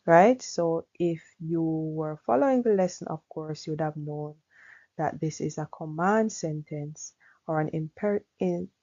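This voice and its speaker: A woman teaching English grammar at a slow, deliberate pace, with a low, gravelly voice. She explains patiently and often checks in with "all right". The recording sounds a little dull and lo-fi. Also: warm tone. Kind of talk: grammar lesson.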